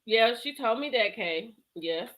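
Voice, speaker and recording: A woman's voice: fairly high pitch, unhurried. A woman hosting a live stream show, chatting with viewers, laughing and reading their comments. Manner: animated, laughs often, chatty Southern-style slang.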